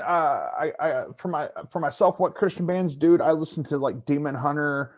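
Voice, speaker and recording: Co-hosting a podcast, a man from South Dakota chats casually in live-stream style, full of "uh"s, restarts, and some easy swearing. His voice is fairly high and moves at a moderate pace with hardly any pauses.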